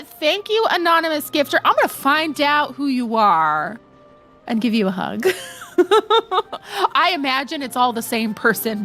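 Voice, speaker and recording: A young woman streams a game, chatting playfully and breaking into laughter often. Her fairly high voice swoops up and down with lively expression. She talks at an unhurried pace over soft background music. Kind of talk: casual live-stream chat.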